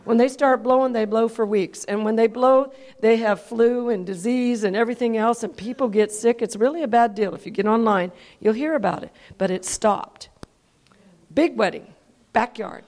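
A woman preacher telling stories in a sermon, swinging from quiet confiding lines to near-shouted dramatic peaks. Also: on the high side, normal speed. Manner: animated, rises to near-shouting when telling dramatic parts. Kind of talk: sermon storytelling.

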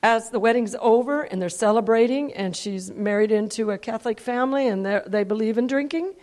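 High-voiced woman preaching with fervor. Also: a little fast. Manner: animated, rises to near-shouting when telling dramatic parts. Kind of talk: sermon storytelling.

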